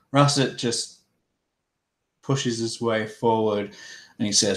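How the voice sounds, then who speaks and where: A man narrating his character's actions in a tabletop game, halting and with fillers. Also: medium pitch. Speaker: player.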